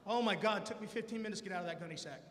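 A man's voice: high-pitched, racing, big-room sound. A man doing a stand-up comedy set on stage, telling playful stories about his family and acting out their voices. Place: comedy stage before a live audience.

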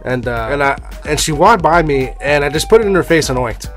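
A man's voice: a little high, animated, brisk, fairly bright tone, soft background music. A young man telling a personal story in a rambling, offhand way, with the odd swear word. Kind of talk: casual storytelling.

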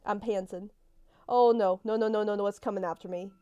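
A woman's voice: mid-range voice, steady tone, fairly quick, mellow, smooth, muffled recording. A woman giving live gameplay commentary. She is jumpy, swears a lot and talks back to the game characters. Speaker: let's play gamer.

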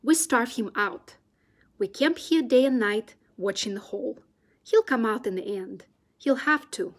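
A woman voicing a furious, scheming male farmer who shouts his threats in a storybook reading. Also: mid-range voice, expressive, moderate pace. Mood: angry, scheming.

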